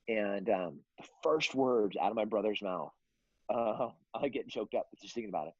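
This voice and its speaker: Husky low-voiced man telling stories. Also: expressive, moderate pace, no room sound, lo-fi sound. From California. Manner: rambling, many fillers and restarts. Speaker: guest. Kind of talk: casual storytelling interview.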